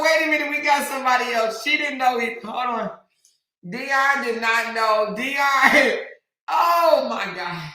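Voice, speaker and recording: Woman on a stream cracking up reading chat, crying laughing, slow talker, super echoey room. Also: high-pitched, lively intonation, bright, forceful tone. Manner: laughs hard, keeps breaking off mid-sentence; talks straight to her viewers with lots of slang. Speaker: livestream host reading chat. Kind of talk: casual chat.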